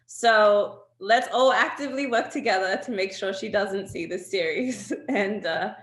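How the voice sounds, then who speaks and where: A woman talks candidly as an interview guest, her storytelling lively and broken by laughter and "like"s. Her voice sits at an ordinary middle pitch. The room around her rings with noticeable echo. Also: measured pace, hardly any pauses. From Australia. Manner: animated storytelling, laughs often, many fillers. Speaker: guest artist.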